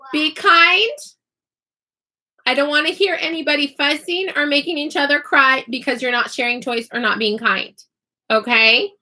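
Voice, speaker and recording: A strict mother laying down the law to her children, as a woman puts her on. Her voice is firm and lecturing and pushes demands again and again. It sits a little high and rings bright and forceful. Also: full character voice, low-quality recording. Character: stern mother scolding young children.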